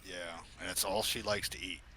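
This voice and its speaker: A man co-hosting a live game-stream podcast, chatting in a relaxed, rambling way full of "you know". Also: low-pitched, moderate pace, over a noisy crowd. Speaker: podcast co-host.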